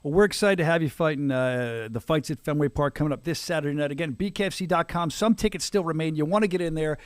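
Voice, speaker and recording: Fast-talking, laughing male podcast host. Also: a little high, dry recording. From Philadelphia area. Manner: fast, laughing, joking banter. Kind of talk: casual interview chat.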